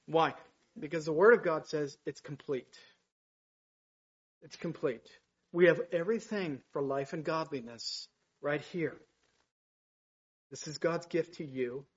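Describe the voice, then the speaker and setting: A man's voice: a little high, slightly rough, lo-fi sound. A man preaching a sermon, building to emphatic, rising bursts as he reads scripture. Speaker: pastor.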